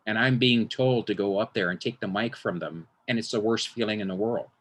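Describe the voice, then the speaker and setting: A man's voice: fairly low pitch, fairly quick, slight background noise. A man, a magician, talking in a casual interview, rambling with frequent restarts and acting out quotes.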